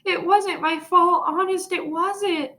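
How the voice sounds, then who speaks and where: A woman reading aloud, voicing a bossy young schoolgirl who sounds shrill and pleading. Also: normal speed, fairly bright tone. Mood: whiny. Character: bossy, whiny schoolgirl of about nine.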